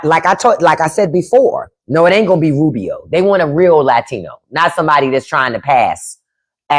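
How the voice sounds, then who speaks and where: A woman hosting a live stream, giving loud opinions in casual chat, swearing freely and repeating her points while answering the chat. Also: on the low side. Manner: profane, opinionated. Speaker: podcast host on a live stream. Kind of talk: casual livestream commentary.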